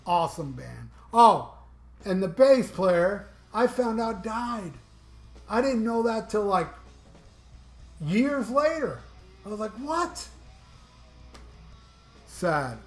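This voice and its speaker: A middle-aged man from Florida, a music vlogger chatting casually about his albums, rambling and enthusiastic, swearing freely. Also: sits high. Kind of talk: casual chat. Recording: echoey room with music playing.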